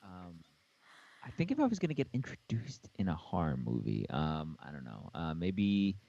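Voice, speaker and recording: Male cast member, animated delivery, rambling and hesitant, muffled lo-fi audio. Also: low voice, normal speed, gravelly. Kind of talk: casual group chat.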